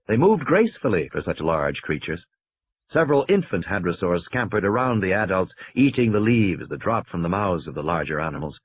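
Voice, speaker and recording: A man narrates an audiobook at a steady storytelling pace that is fairly quick, his slightly husky voice animated in pitch. The recording is dry and somewhat muffled, with no echo.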